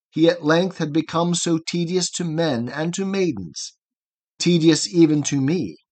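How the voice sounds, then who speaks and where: A man's voice: fairly high pitch, a little mellow. A man voicing a cheerful, reassuring older herdsman in a poem read aloud, speaking in a blithe, fatherly way.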